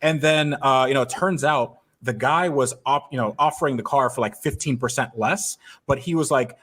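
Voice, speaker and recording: A man at the middle of the usual pitch range, chatting on a podcast mic. He tells a long story loosely, with plenty of ums and restarts, in a relaxed, rambling podcast manner. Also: moderate pace, hardly any pauses, breathy edge. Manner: rambling storyteller, many fillers. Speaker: podcast co-host. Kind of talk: casual podcast chat.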